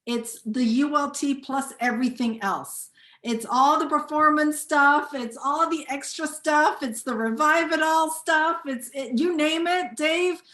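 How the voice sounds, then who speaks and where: A woman in her forties, a community member, shares an earnest, emphatic testimonial over a video call, often repeating herself for emphasis. Her voice is high-pitched, a bit bright, and unhurried, and the sound is roomy.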